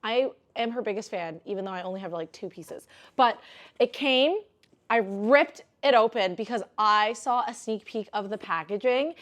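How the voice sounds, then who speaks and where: A woman's voice: mid-range voice, moderate pace. Gushing young woman unboxing jewelry. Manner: gushing, squealing bursts of excitement; chatty, rambling. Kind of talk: casual unboxing vlog.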